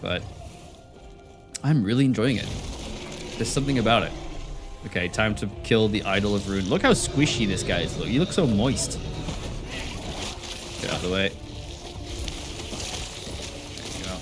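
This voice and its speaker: Male streamer with a low voice and game music behind; rambling, playful running commentary. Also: expressive, normal speed, long pauses. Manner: rambling, playful self-talk. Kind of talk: live gameplay commentary.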